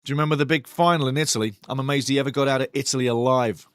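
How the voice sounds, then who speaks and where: A man's voice: mid-range voice, steady tone, rapid-fire, fairly bright tone, clear, resonant tone, dry recording, studio quality. A man hosting a live match watch-along, commenting on the play and talking passionately to his chat. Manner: passionate, talks straight to chat; ranting, indignant.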